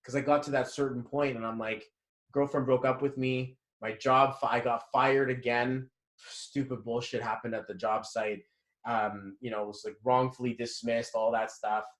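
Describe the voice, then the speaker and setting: A man in his thirties delivers a candid, motivational monologue, swearing freely and acting out past conversations as he walks. His voice sits at a medium pitch. The sound is roomy and echoey. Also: little pitch movement, normal speed, a bit bright. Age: 30s. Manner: walking while talking. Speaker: motivational vlogger.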